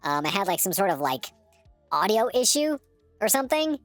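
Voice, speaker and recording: A male streamer running his voice through a voice changer to make a tiny, goofy, pitched-up voice. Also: big pitch swings, moderate pace, fairly bright tone, dry recording, faint music behind. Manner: goofy, playful.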